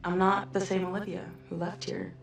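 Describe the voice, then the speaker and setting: A woman acting as a young woman back home, speaking softly and hesitantly. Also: mid-range voice, level tone, normal speed, over loud music, natural voice. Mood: reflective. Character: young woman returning home, uncertain and reflective. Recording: distant, echoey TV drama audio with score.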